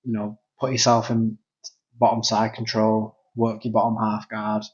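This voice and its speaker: Flat-voiced Mancunian co-host. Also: male voice, fairly low pitch, moderate pace. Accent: Northern English, Manchester. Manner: earnest, explaining, with hedging fillers. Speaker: podcast co-host and grappling coach. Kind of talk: casual chat. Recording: dull lo-fi sound.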